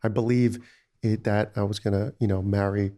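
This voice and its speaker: A man's voice: lowish voice, little pitch movement, moderate pace, dark tone. A man, a restaurant founder telling stories in a casual interview, rambling with many "you know"s. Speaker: restaurant founder, podcast guest.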